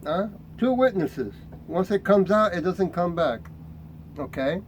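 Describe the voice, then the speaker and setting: A middle-aged man preaching and reading scripture, fiery and confrontational, reading verses slowly and deliberately, often tagging his points with "right?". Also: sits high, animated, a little hiss or hum, low-quality recording.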